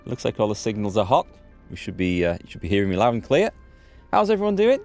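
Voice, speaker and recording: A man's voice: fairly low pitch, wildly swooping pitch, fast talker, a little mellow, soft background music. A man streaming a game live from indoors at home, chatting in an upbeat way and thinking aloud as he plays. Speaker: gaming streamer.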